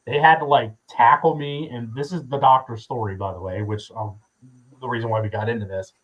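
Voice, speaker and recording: A man's voice: medium pitch, fairly even intonation, fairly quick, slight background noise, rough recording. A man in his thirties, a podcast guest, telling a story casually with lots of swearing and fillers. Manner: profane, rambling with many fillers.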